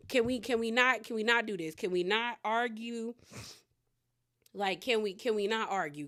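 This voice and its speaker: Chatting her way through a reality TV episode recap, a Southern American woman from the US South acts out the quotes in different voices. She speaks in a mid-range voice with a slightly bright quality.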